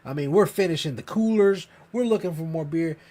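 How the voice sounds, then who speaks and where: A man telling a long, profane story in casual podcast chat, rambling and animated. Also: a little high, fairly quick. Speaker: podcast co-host.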